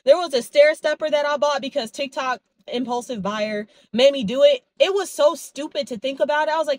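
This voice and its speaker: A young woman chats loosely to her phone camera, vlog-style, filmed in her car and around her home. She tells stories animatedly and slips into quoting lines from her own conversations. Her voice is high-pitched and darkish, at normal speed with few pauses.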